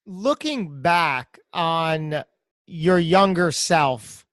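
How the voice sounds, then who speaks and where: A man hosting a podcast interview, asking slow, reflective questions. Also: a little high, fairly bright tone, dry recording, clean studio sound. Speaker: podcast host.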